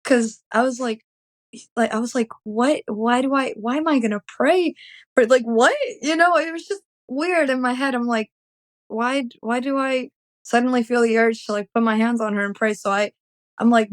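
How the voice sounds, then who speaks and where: A woman's voice: on the high side, steady tone, moderate pace, dry recording. Emotional young woman telling her story. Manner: emotional, rambling storytelling with many "like" fillers. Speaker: interview guest. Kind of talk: personal testimony in an interview.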